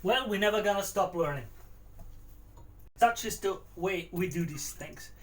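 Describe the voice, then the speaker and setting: A man's voice: high-pitched, animated, measured pace, breathy edge. A man running a cooking livestream, chatting casually, answering his chat and musing aloud as he works in a kitchen. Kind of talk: casual live-stream chat while cooking. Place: home kitchen.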